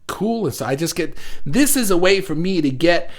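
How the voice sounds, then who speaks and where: A man hosting a casual livestream, talking excitedly to viewers and reading their comments, halting often with restarts. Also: on the high side. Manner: says he talks fast when excited. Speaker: livestream host. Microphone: phone.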